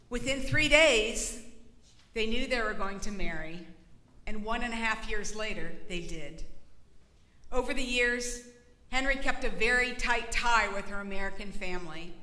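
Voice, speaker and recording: A woman's voice: a little high, pushed and bright. Older Southern woman in an echoing hall. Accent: South Carolina. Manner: folksy, joking. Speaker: benefit concert presenter. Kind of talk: speaking to a congregation. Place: large church hall. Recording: echoey hall.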